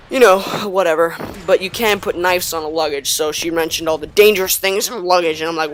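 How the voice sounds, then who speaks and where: A teenage boy narrates a personal story for his gaming channel in a rambling, excitable way. He keeps slipping into quick impressions of the people he talks about, with plenty of fillers and restarts, recorded on a home mic for game commentary. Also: sits high. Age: teens. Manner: rambling, excitable anecdote with acted-out quotes. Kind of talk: storytelling over gameplay.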